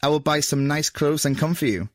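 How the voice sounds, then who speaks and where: A grieving young mother who speaks softly and holds back tears, voiced lightly by a male reader. Her voice is only a little raised above the reader's own in an audio storybook reading. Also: on the high side, fairly quick, no room sound, clean studio sound, lightly acted. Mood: tearful.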